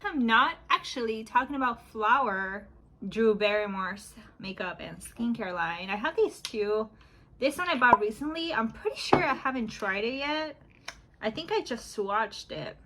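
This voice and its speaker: A woman's voice: a little high, animated, measured pace, pushed and bright, slight background noise, rough recording. A woman in her thirties chatting casually at home as she does her makeup for a beauty vlog, rambling and laughing often, recorded on a phone camera. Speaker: YouTube beauty vlogger. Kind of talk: casual chat while doing makeup. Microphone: phone back camera.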